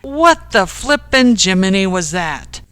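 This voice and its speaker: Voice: mid-range voice, moderate pace, a bit bright, no echo, natural voice. Ken, put on by a narrator, a flustered sarcastic man. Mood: exasperated. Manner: sarcastic, exasperated. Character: flustered grumbling man, one of three friends.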